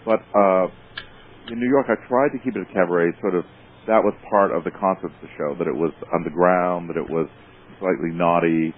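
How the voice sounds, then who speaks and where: Deep-voiced Boston man on a phone line. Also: fairly even intonation, brisk. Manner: rambling, chatty, with many fillers. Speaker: guest, writer and show creator. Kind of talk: casual interview on a phone line. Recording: tinny phone line, faint hiss.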